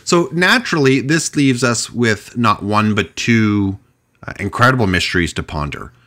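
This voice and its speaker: A man hosting a podcast, telling a mystery story in a casual, chatty way with animated delivery and frequent restarts. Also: lowish voice, moderate pace. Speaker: podcast host.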